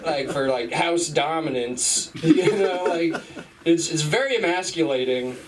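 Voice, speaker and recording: A young man doing stand-up at a club, talking slowly and rambling with plenty of giggles and fillers. His voice sits a touch high and is picked up from some distance. The crowd laughs loudly in the background. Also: animated. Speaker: stand-up comedian. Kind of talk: stand-up comedy set. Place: comedy club stage. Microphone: stage microphone. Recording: live club recording from a distance. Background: audience laughter.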